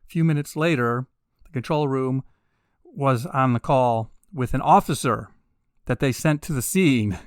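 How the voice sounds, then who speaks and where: Wry, sarcastic podcast host, dry close mic. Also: male voice, mid-range voice, smooth, dry recording. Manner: wry and sarcastic, with laughing asides; builds to emphatic, drawn-out peaks. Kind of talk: casual monologue.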